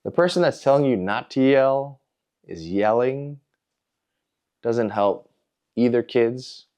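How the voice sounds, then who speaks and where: A man hosting a podcast, telling a personal story in a candid, introspective way, in short halting phrases. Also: medium pitch, animated, darkish tone. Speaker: podcast host.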